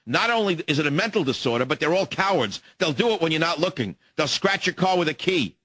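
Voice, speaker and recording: A man's voice: on the high side, lively intonation, fast, fairly bright tone, husky, dry recording. A man hosting a talk radio show, ranting in a combative way. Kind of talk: angry talk radio monologue.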